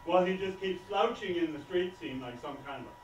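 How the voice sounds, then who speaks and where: An actor playing a dramatic, self-pitying small-town theatre director, in an amateur stage play. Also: male voice, high-pitched, lively intonation, brisk, lo-fi sound. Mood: fussy complaining. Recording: echoey stage, heard from far off, noisy.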